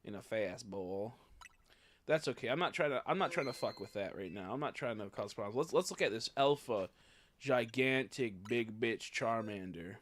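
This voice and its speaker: A young man streaming a video game in casual chat, swearing a lot and swinging from low mumbles to loud frustrated outbursts. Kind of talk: casual gaming livestream chat.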